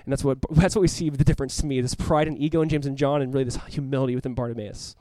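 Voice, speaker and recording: A male pastor preaching a sermon and closing in prayer, swinging between loud urgent calls and hushed quiet passages. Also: medium pitch, steady tone, racing, no room sound. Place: church room with congregation.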